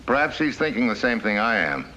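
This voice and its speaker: An actor playing a tough, wry American agent who talks bluntly, on a muffled, hissy old soundtrack. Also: male voice, medium pitch, big pitch swings, fairly quick, pushed and bright. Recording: dull, faintly noisy old TV sound.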